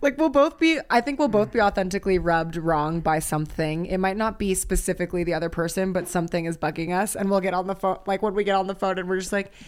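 Female podcast co-host, candid and expressive conversational delivery. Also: fairly low pitch, fast talker, hardly any pauses. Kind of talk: casual chat.

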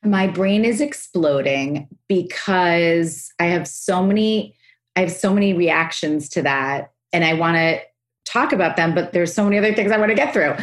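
Woman host, lowish voice, eager interviewer who restarts and rushes through ideas. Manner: enthusiastic, fast, restarts and rushes through thoughts. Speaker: podcast host. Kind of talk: podcast interview.

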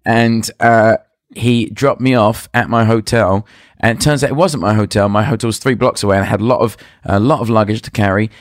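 A man guesting on a casual podcast, telling a long story in a rambling, hesitant way, full of pauses and restarts. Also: on the low side, steady tone, dry recording, clean studio sound. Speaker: guest magician.

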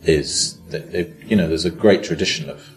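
Deep-voiced older man, hesitant and wry. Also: moderate pace, reverberant, soft background music. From Britain. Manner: hesitant, self-deprecating, many restarts. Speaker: actor guest. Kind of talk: relaxed interview chat.

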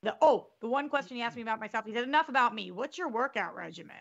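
Woman, casual storyteller, gravelly edge, lively quoting, lo-fi recording. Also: a little high, rapid-fire. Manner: animated, acts out quotes, swears freely. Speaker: storyteller in a group chat.

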